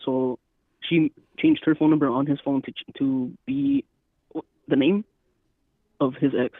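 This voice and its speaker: A man's voice: mid-range voice, big pitch swings, measured pace, dry recording, narrow, tinny audio. A man co-hosting a podcast in casual chat, laid-back, often checking that he has explained himself right. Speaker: podcast co-host.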